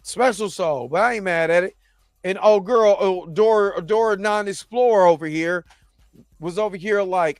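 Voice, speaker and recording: High-voiced animated man recapping a show. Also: normal speed, no echo, studio quality. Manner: animated, acts out characters' lines in his own voice. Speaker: show host. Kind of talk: casual TV recap commentary.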